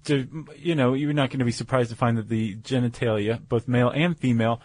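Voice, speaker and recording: A man's voice: medium pitch, steady tone, a little fast, darkish tone, no echo. A man co-hosting a podcast, explaining science in casual chat with fillers and restarts. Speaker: podcast co-host.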